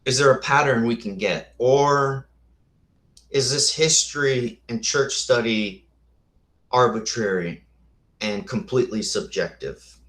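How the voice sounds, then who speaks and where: A man's voice: medium pitch, slow pace, a bit bright. A man hosting a casual lecture with slides, thinking aloud with rhetorical questions and answering viewers' comments. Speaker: host. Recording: echoey room.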